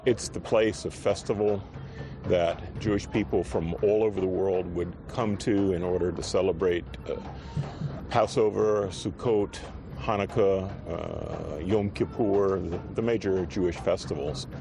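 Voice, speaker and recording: A man explaining in a documentary interview, thoughtful, listing points with small pauses. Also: sits low. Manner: thoughtful, lists points with fillers. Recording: documentary clip with music under it.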